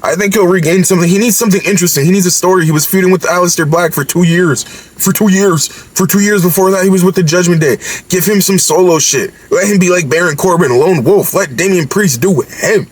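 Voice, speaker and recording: A man from Canada giving a casual, excited wrestling recap, repeating words and bursting into shouts. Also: high voice, fairly quick, a little hiss or hum. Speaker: wrestling commentary vlogger.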